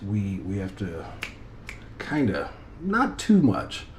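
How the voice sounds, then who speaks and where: A man's voice: fairly low pitch, dark tone, a little hiss or hum. A middle-aged man, an airline pilot, talking earnestly and reflectively to his daughters in a loosely rambling vlog monologue.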